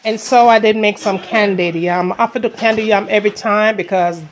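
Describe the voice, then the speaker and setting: A woman's voice: medium pitch, fairly even intonation, a little fast, background noise. A tired woman hosting a casual cooking vlog in her home kitchen, chatting to viewers as y'all while filming on her phone. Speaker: cooking channel host.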